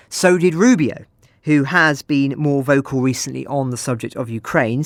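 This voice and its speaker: A man hosting a news podcast, reading measured commentary with pointed emphasis. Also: mid-range voice, no room sound, studio quality. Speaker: podcast host.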